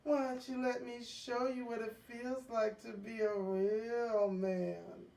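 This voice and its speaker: A woman playing a brazen cousin who speaks slowly and teasingly. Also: on the high side, fairly even intonation, creaky, warm tone. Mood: seductive. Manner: slow and teasing. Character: brazen seductive female cousin. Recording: echoey room from far off.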